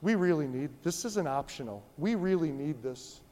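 Male pastor, high voice, animated sermon delivery, long church reverb. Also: moderate pace. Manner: animated, repeats for emphasis.

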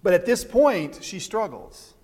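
In a high, lively voice, a pastor preaches unhurriedly, repeating words as he restarts sentences and energetically acting out the lines he quotes. The hall gives his voice a long reverb, and the overall effect is animated preaching full of restarts and performed quotations.

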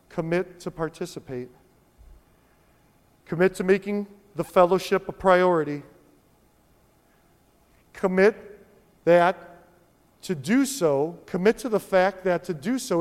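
Male pastor, high voice, animated sermon delivery, long church reverb. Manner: animated, repeats for emphasis.

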